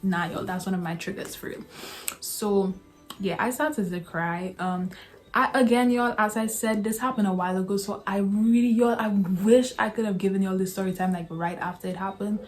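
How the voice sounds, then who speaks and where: A young woman vlogger telling a casual storytime to her viewers, chatty and laughing often, calling them y'all. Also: mid-range voice.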